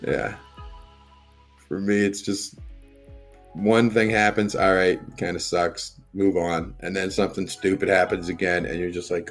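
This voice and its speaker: A man with a fairly low voice hosts a laid-back livestream. He rambles along, replies to his viewers and reads their comments aloud, and faint music plays behind him. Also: fairly even intonation, moderate pace. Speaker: streamer. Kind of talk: casual live-stream chat.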